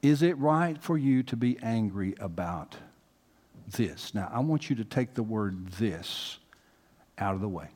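A man's voice: on the low side, lively intonation, unhurried, darkish tone. A man from the American South preaching a conversational sermon as pastor, talking directly to his congregation and rising into emphatic bursts. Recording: long hall reverb.

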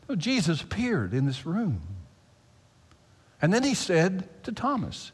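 A man preaching a sermon as pastor, emphatic and animated, repeating phrases for effect. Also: high voice, unhurried, husky. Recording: long hall reverb.

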